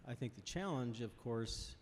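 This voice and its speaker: A man speaking on a workshop panel, out of breath and halting, with many restarts. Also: mid-range voice, animated, a little hiss or hum. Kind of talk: panel discussion.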